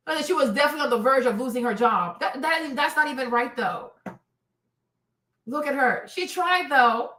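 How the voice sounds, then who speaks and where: Female commentary host, sharp and animated, calling out to her viewers in an echoey room. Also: high-pitched, moderate pace, far from the mic. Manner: animated, talks to viewers directly, bursts into excited shouts. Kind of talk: casual celebrity gossip commentary.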